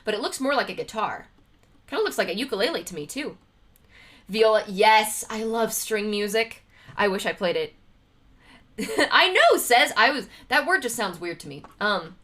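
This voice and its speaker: A woman's voice: mid-range voice, a bit bright. A woman streamer chatting casually on a livestream, thinking aloud as she reads trivia questions, laughing often and greeting viewers.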